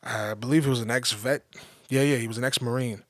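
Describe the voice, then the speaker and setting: A man's voice: medium pitch, fairly even intonation, brisk, fairly bright tone, dry recording. Male solo podcast host, profane and heated commentary, mid range, dry close recording. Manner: profane, heated, emphatic with repetitions. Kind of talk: casual ranting commentary.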